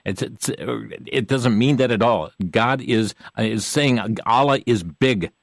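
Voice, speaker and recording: A man hosting a Christian talk show, folksy and conversational, addressing the viewers as friends, with halting fillers. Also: medium pitch, no room sound.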